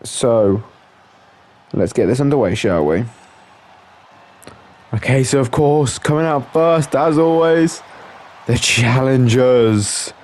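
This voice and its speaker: A man's voice: medium pitch, takes it slowly, pauses often, darkish tone. A man giving casual play-by-play commentary over a video game, with frequent exclamations and filler words. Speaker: gameplay commentator.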